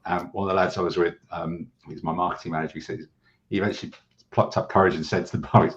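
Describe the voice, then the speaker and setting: A British man joining a podcast as a guest over a remote call, telling relaxed anecdotes. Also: deep voice, fast talker. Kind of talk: casual podcast chat, remote. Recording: dull lo-fi remote line with faint hiss.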